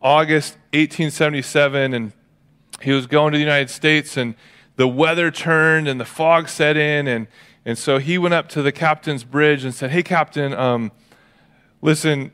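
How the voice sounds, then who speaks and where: A male pastor preaching a sermon in a relaxed, conversational way, acting out quotes as he tells stories. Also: on the high side, moderate pace, clear, resonant tone. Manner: conversational, animated storytelling with acted-out quotes.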